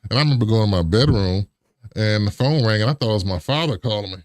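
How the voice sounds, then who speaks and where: Low-voiced man telling lively stories. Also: quick pace, no room sound. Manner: animated, acts out remembered dialogue with big pitch jumps, chuckles. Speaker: interview guest, former pro football lineman. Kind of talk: casual storytelling interview.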